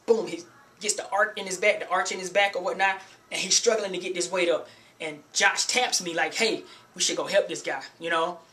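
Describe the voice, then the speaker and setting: In a relaxed storytelling vlog, a fitness guy shares a gym tale, filling it with "you know" and "man," and reminds beginners to have a spotter. He speaks briskly in a high, steady, sharp-toned voice.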